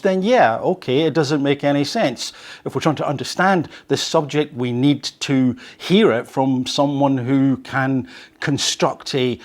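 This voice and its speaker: A man hosting an English-learning show, reading an article aloud and adding conversational, animated asides. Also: medium pitch. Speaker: podcast host teaching English.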